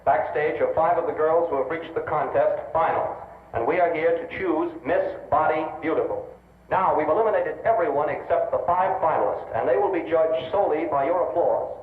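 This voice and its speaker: An actor playing a pageant announcer in an old film, with a showy emcee delivery. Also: male voice, on the high side, a little fast, natural voice. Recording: tinny echoey old film soundtrack with music.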